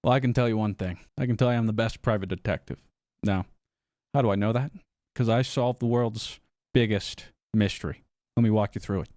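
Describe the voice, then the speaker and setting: A man hosting and improvising in a comedic party game, delivering a deadpan rapid-fire chain of words. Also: on the low side, no room sound, studio quality. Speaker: channel host playing a party game. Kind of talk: improvised comedic role-play.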